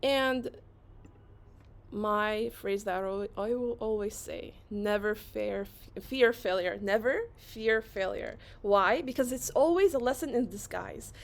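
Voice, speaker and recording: A woman whose first language is Arabic, giving a fast-paced, energetic motivational talk at an online conference and repeating phrases for emphasis. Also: mid-range voice, creaky. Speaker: conference speaker. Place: online session.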